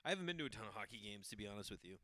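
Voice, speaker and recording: A man from the Boston area hosting a podcast, telling casual comic stories in an animated, chatty way. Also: fairly low pitch, rapid-fire, no echo. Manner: animated, jumps into quoted voices, loose and chatty. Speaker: podcast host.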